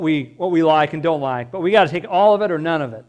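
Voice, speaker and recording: A man's voice: fairly high pitch, expressive, fast talker, a little mellow. A male pastor preaching a sermon in a conversational, emphatic way, throwing out rhetorical questions.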